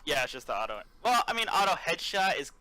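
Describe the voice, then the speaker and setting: Young guy cohost, bright lively voice, laughs a lot, mostly just agrees. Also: a little high, quick pace. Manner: laughs often, agreeable short replies. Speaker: podcast co-host. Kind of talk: casual gaming podcast chat.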